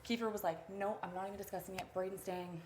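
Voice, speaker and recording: A woman talking strategy in a hushed voice, filling her sentences with "like". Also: mid-range voice, steady tone, quick pace, a little hiss or hum. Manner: quiet, hushed scheming with many fillers. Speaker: reality show houseguest.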